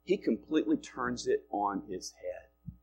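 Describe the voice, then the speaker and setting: A male pastor preaching a sermon in a conversational way, rising loud and dropping quiet to make his points. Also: mid-range voice, expressive, unhurried, vocal fry, a little hiss or hum. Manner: conversational preaching with wide swings in loudness.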